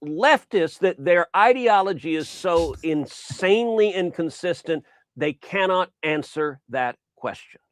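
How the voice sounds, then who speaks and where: A man's voice: on the high side, expressive, measured pace, dry recording, clean studio sound. A middle-aged man, a senator as interview guest, who often repeats his opening words and tells an anecdote.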